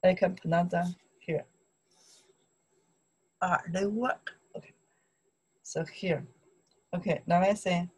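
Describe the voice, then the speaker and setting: A woman with a Chinese accent leads a casual lesson in careful, broken English. Her delivery is slow and unhurried, with a slightly husky voice. She keeps asking "okay?" as she goes. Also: lowish voice, fairly even intonation, a little mellow, rough recording. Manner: repeats okay often, non-native English grammar. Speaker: Chinese language teacher. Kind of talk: casual online language lesson.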